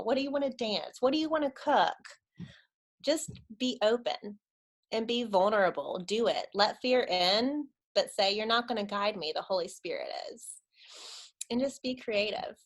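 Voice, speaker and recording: A woman, giving an earnest, conversational church talk to a webinar audience. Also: medium pitch. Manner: earnest, conversational, addresses audience as guys and y'all. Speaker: church speaker on creativity.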